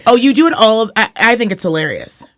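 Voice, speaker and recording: A woman's voice: a little high, sing-song, fast talker. A young woman from Reno co-hosting a podcast in casual chat, brash, swearing and laughing often. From Reno, Nevada. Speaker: podcast co-host.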